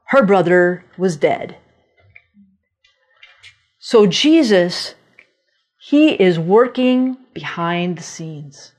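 A woman delivers a sermon at an unhurried pace. She tells the stories in a lively way and acts out the voices of the figures in them. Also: mid-range voice. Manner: animated storytelling, acting out voices of biblical figures. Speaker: preacher.

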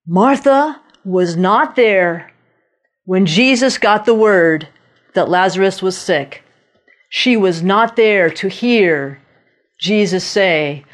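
A woman delivers a sermon at an unhurried pace. She tells the stories in a lively way and acts out the voices of the figures in them. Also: medium pitch. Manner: animated storytelling, acting out voices of biblical figures. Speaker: preacher.

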